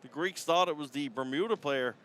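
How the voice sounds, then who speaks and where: A play-by-play commentator from Newfoundland, Canada, with a Newfoundland accent calls a live sports game from the top of an indoor arena. His fairly high, fairly bright voice moves a little fast, chatty and folksy, with chuckles between calls. There's slight background noise.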